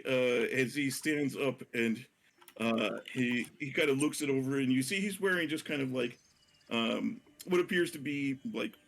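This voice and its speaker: A man narrates a tabletop game as game master. He hesitates often, with many fillers and self-corrections. His voice sits at an ordinary middle pitch. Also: vocal fry, fairly bright tone.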